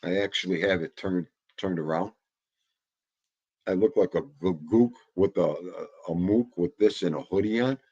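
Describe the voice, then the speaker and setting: A man in his fifties with a husky, somewhat low voice. He chats casually in a rambling, jokey way and talks to his dog. The recording sounds a little dull and muffled. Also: moderate pace, darkish tone. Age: 50s. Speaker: vlogger. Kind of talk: casual chat.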